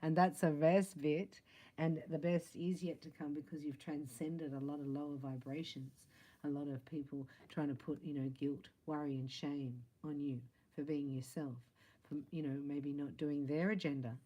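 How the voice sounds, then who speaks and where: A woman's voice: low voice, steady tone, normal speed, dark tone, poor audio. A woman giving a spiritual love reading to camera, chatty and encouraging, often checking in with "right?" and "you know". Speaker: psychic reader.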